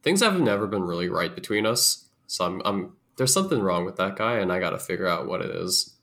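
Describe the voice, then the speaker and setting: A man's voice: deep voice, lively intonation, brisk, fairly bright tone. A man voicing a shifty teenage boy who mumbles in a conspiratorial way, in a comedic tabletop game.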